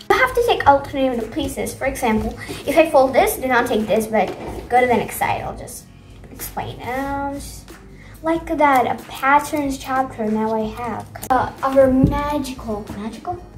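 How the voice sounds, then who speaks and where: High, slow-talking playful woman. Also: far from the mic, low-quality recording. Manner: chatty, playful, jokey asides. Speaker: craft tutorial presenter. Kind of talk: casual craft demonstration. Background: background music.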